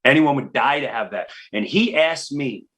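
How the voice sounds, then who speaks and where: A middle-aged man, a comedian guest, telling stories in a podcast interview and acting out the people he quotes with big pitch jumps. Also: expressive, normal speed, fairly bright tone.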